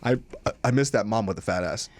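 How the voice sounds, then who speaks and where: A man in his thirties, a podcast co-host, telling a story in a lively way, acting out voices and laughing a lot. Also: fairly low pitch, quick pace, dry recording. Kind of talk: animated storytelling.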